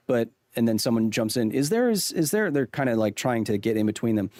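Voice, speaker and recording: A man's voice: medium pitch, animated, fairly quick, few pauses, darkish tone, dry recording, clean studio sound. Wry man hosting a live stream. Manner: wry, talks straight to chat, frequent restarts. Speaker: live-stream podcast host. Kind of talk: casual livestream chat and read-aloud of testimony.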